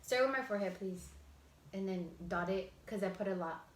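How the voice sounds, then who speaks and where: A woman's voice: medium pitch, brisk. A woman chatting casually and laughing a lot during a makeup challenge. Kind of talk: casual chat while doing makeup. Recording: echoey room.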